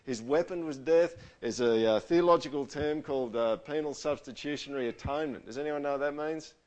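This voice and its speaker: A man preaching a conversational sermon, casual and animated, asking his audience questions. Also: a little high, brisk.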